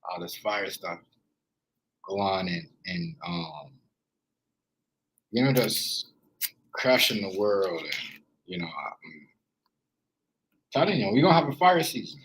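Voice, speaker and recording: A man's voice: low voice, sing-song, slow, long pauses, a bit bright, husky, poor audio. A man with a Jamaican accent chatting casually on a live stream, rambling and repeating himself as he greets viewers.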